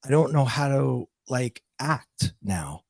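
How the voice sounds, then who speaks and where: A middle-aged man with a gravelly, creaky voice recounts a personal story as a podcast guest. He speaks reflectively and haltingly, often restarting and repeating words. The sound is dry and close. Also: medium pitch, sing-song, darkish tone, no echo.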